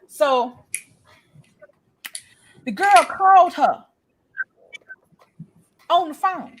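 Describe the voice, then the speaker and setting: A woman's voice: very high-pitched, very animated, drawn-out words, a little hiss or hum, rough recording. A woman in her forties telling a story in casual chat, blunt and profane, acting out both sides of an argument. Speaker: podcast co-host.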